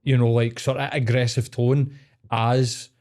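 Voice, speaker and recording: A man's voice: medium pitch, little pitch movement, a little slow, a little mellow. A man with a Scottish accent, a podcast host chatting casually, swearing freely and rambling with lots of fillers. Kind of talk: casual chat.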